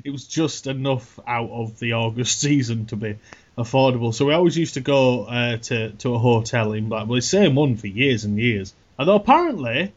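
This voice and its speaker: A man from England hosts a casual podcast chat, full of asides and self-mocking laughs. His voice sits mid-range and comes through a slightly dull, lo-fi recording. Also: medium pitch. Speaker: podcast host.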